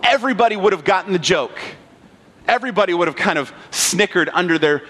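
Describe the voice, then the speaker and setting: A pastor with a rather high voice delivers a sermon. He reads scripture aloud and slips into the sneering voices of the crowd, then drops back to a slower, grave tone. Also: expressive, a bit bright. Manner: dramatic, acts out mocking voices of the crowd.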